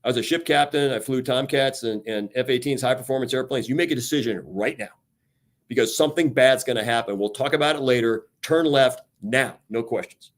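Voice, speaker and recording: An older man speaks with passion and energy on a radio talk show, a retired admiral sharing leadership lessons. His voice sits at an ordinary middle pitch. He slips into the voices of people he quotes as he tells his stories. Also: quick pace. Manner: energetic, animated storyteller acting out quotes.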